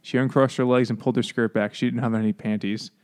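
Man, podcast co-host, casual book chat, laughs a lot, acts out lines loudly. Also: mid-range voice, fast talker. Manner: animated, laughing, acts out quotes with raised voice.

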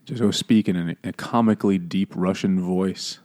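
A man's voice: low-pitched, fairly even intonation, normal speed, a little mellow. A man co-hosting a casual comedic book chat, joking, laughing often and acting out characters' lines. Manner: jokey, laughs often, acts out quotes. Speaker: podcast co-host.

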